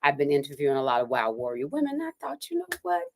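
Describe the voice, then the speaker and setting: Woman host, low-ish voice, loose chatty livestream talk full of fillers. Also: huge pitch swings, fast talker, gravelly, slight background noise. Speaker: host of a live-streamed interview show. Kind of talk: casual live-stream chat.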